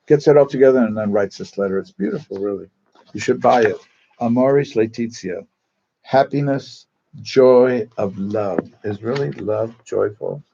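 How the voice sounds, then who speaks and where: Chatty, gravelly-voiced priest. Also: male voice, fairly low pitch, moderate pace, warm tone, lo-fi sound. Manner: chatty and digressive, full of asides. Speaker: Catholic priest. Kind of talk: casual storytelling talk to a parish group. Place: church.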